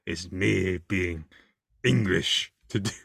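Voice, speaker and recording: A man's voice: sits low, slow, creaky, fairly bright tone, slightly rough, no echo, clean studio sound. A man hosting a podcast, asking playful, jokey questions. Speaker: podcast host. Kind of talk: casual interview chat.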